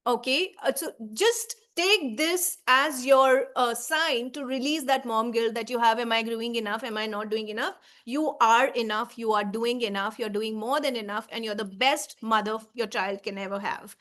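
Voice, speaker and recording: A woman's voice: on the high side, unhurried, hardly any pauses, a bit bright. A woman in her thirties, a baby sleep coach, giving a heartfelt talk to mothers, earnest and reassuring, often checking in with "right?" and "okay?". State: emotional, tearing up.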